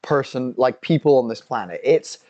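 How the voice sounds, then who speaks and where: A man co-hosting a fight watch-along livestream, talking in excitable, profane banter and saying "dude" constantly. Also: medium pitch, normal speed, lo-fi sound.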